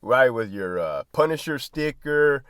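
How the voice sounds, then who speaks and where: A man's voice: medium pitch, unhurried, clear, resonant tone, no echo. A man who was a prison guard tells stories casually, swearing freely, laughing mid-sentence and tagging lines with "right?". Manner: animated, asks "right?" constantly. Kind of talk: casual storytelling.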